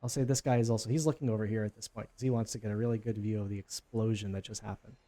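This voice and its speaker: A man's voice: on the low side, steady tone, rapid-fire, background noise. A man running a tabletop game as game master, narrating in a casual, rambling way.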